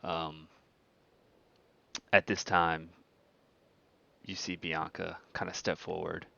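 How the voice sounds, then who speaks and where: A man's voice: deep voice, little pitch movement, takes it slowly, creaky, bright, forceful tone, lo-fi sound. A man narrating as game master in a tabletop game, in loose narration full of fillers.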